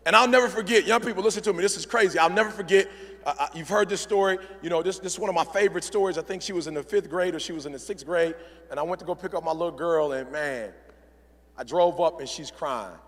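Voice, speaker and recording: A middle-aged man giving an emphatic, repetitive motivational speech in a large convention hall, sometimes shouting. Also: sits high, fast. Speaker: motivational speaker.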